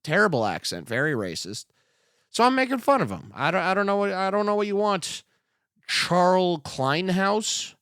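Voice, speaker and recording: A man's voice: sits high, very animated, normal speed, fairly bright tone, smooth, dry recording, studio quality. A young man hosting a comedy podcast, reacting to news clips with sarcastic, profane, rambling commentary.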